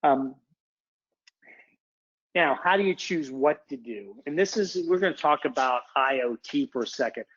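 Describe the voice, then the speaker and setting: A man with a fairly high voice presents a webinar in a relaxed, conversational way. He wanders off on tangents and restarts his sentences. The audio is dull and lo-fi. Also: moderate pace, long pauses. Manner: chatty, digressive, self-interrupting. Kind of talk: casual conference presentation.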